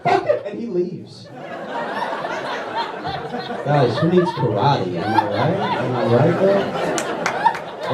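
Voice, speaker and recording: A man's voice: a little high, background noise. Man from Louisiana, stand-up comedian, conversational delivery, echoey club, heard from a distance. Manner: conversational, tags lines with "all right?" and "okay?". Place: comedy club stage with a live audience. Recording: roomy club sound, mic heard from a distance, audience laughter.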